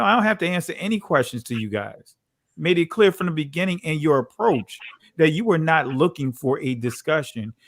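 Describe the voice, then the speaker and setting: A man with a New Jersey accent, a pastor, speaks at an average pitch in a casual discussion. His delivery is loose and conversational, sprinkled with "you know". The sound is dry and close, with no room around it. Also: fairly bright tone, no room sound.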